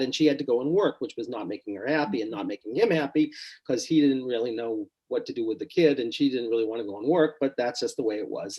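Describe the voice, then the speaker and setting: A middle-aged man, a psychotherapist, relaxed and storytelling in a podcast interview, quietly acting out his clients' words. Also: mid-range voice, low-quality recording. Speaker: psychotherapist guest.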